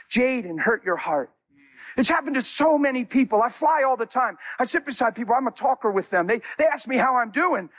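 Husky high-voiced male preacher. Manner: animated, storytelling with acted dialogue and laughter. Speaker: guest preacher. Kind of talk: sermon.

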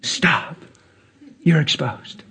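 A man preaching a sermon to a church crowd. He moves from hushed whispers to excited, nearly shouted lines and acts out people's voices in his stories. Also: very slow, very noisy. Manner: swings between hushed whispers and high excited near-shouting.

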